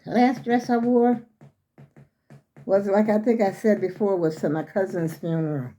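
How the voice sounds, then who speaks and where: A woman's voice: medium pitch, fairly even intonation, unhurried, warm tone, faint music behind. Rambling older woman, out of breath. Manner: chatty and rambling, addresses viewers as y'all. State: a little out of breath. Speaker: vlogger showing her clothes. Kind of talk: casual chat to viewers.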